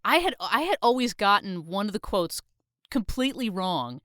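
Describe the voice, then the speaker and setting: Smooth-voiced woman chatting on a podcast. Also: medium pitch, very animated, normal speed, a bit bright, no echo, clean studio sound. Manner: chatty, laughs often, retells movie scenes. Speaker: podcast co-host. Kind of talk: casual chat.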